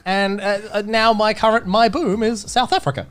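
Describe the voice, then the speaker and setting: A man's voice: high-pitched, steady tone, moderate pace, fairly bright tone, smooth. A man guesting on a podcast, telling a rambling story with many restarts and giggles. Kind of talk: casual podcast chat.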